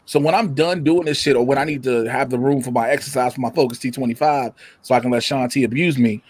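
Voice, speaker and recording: A man chatting casually from his home setup, telling animated stories, loudly acting out quotes and swearing freely. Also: mid-range voice, quick pace, slightly rough. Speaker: guest. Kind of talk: casual chat. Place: home room with a computer setup. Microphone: computer mic or camera.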